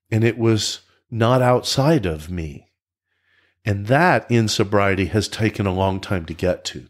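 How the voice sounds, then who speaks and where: A man with a notably deep, low-pitched voice tells his personal recovery story as a podcast guest. He talks in a reflective, earnest way, circling back and restarting sentences as he goes.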